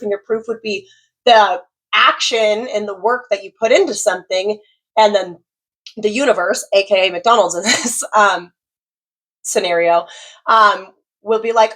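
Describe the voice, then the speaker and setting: A woman's voice: a little high, moderate pace, fairly bright tone. A woman tarot reader talking casually about manifestation, chatty and giggly, full of "like" and "um", swearing freely.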